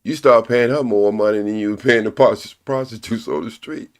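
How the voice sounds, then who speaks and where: A man's voice: on the low side, steady tone. Blunt older man lecturing his chat. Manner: preachy, repeats points slowly for emphasis; blunt and profane. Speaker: live-stream host. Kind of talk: casual live-stream commentary.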